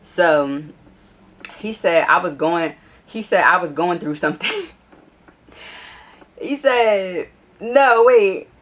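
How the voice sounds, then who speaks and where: Lady vlogger spilling a story, low-ish voice, blunt and cussing a lot. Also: slow pace, long pauses. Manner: blunt, profane, animated retelling. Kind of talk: casual storytelling.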